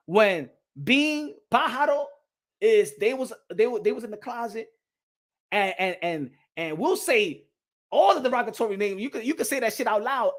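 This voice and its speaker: A man's voice: very high voice, a bit bright. A man hosting a boxing channel, talking in a casual, rambling way, laughing often and dropping slang and Spanish phrases.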